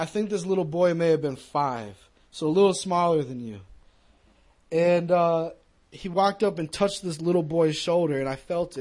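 A man's voice: fairly high pitch, a little mellow. A man giving an earnest personal testimony in a conversational storytelling way, speaking to a young audience.

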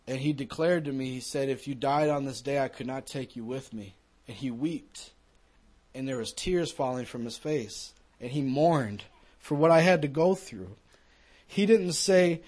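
A man's voice: medium pitch, moderate pace, a little mellow. A man giving an earnest personal testimony in a conversational storytelling way, speaking to a young audience.

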